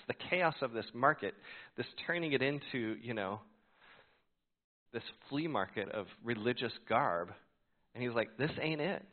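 A man preaching a sermon as a pastor, telling a story and acting out his own reactions. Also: medium pitch. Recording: tinny phone-like sound.

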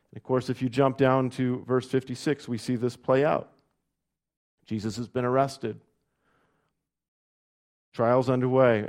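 Male pastor, mid-pitched, sermon delivery that lifts for the readings and sinks quiet. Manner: reads scripture aloud with rising emphasis, then drops soft and low.

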